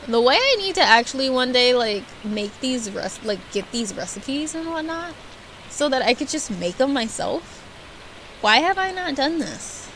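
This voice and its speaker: A young adult woman streaming a video game, chatting casually and rambling, playfully yelling at enemies. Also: high-pitched, sing-song, normal speed, a little hiss or hum, low-quality recording. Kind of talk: casual gameplay commentary. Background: game music.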